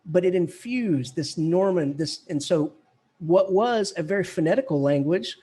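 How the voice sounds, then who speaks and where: Guy professor rambling through a lecture, kinda husky, cracks jokes, higher voice. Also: animated, normal speed, warm tone. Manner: chatty, jokey, playful mock accents. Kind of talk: lively classroom lecture.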